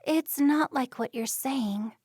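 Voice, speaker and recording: A woman's voice: high-pitched, slow, darkish tone, breathy edge, dry recording, studio quality, voice pushed up, heavily acted. A woman voicing a reserved, stubborn young Amish woman in a storybook reading, speaking plainly. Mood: defensive.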